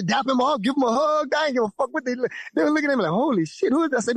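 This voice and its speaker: Animated Louisiana man telling stories. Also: rapid-fire, hardly any pauses, breathy edge, no room sound. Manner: lively, profane, acts out quoted voices with big pitch jumps. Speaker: podcast guest. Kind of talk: animated storytelling.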